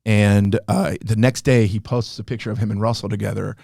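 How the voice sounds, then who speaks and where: A man's voice: on the low side, a little fast, gravelly, dry recording, studio quality. A man, a stand-up comedian, telling stories in casual chat and acting out the lines he quotes. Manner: animated, acts out quoted lines. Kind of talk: casual storytelling.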